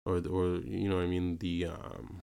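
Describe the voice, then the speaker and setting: Deep, flat-voiced young man rambling. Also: normal speed, gravelly, smooth. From Canada. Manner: rambling, full of fillers like "you know what I mean" and "right". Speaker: podcast host telling his own story. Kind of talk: casual personal storytelling.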